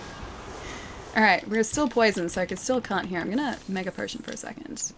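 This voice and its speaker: A woman streaming a video game, chatting casually and thanking viewers, her voice hoarse as it recovers. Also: medium pitch, normal speed, music in the background. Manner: chatty, thanks viewers, reacts excitedly to the fight. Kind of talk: casual live-stream chat while playing.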